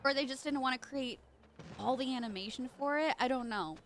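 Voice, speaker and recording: A woman's voice: high-pitched, brisk, slight background noise. A young woman streamer chatting playfully while she plays, sounding congested. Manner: chatty, playful asides to chat. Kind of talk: casual live game stream commentary.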